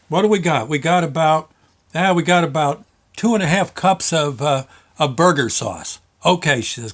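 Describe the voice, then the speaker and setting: An older man hosting his show, telling a fond, rambling family story full of halting restarts. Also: a little high, expressive. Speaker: show host. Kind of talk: nostalgic storytelling monologue.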